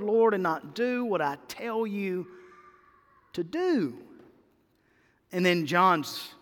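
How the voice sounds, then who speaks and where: This sermon comes from a man with a high, fairly bright voice who speaks in a big hall. As pastor, he preaches with emphasis and keeps circling back to his main phrases.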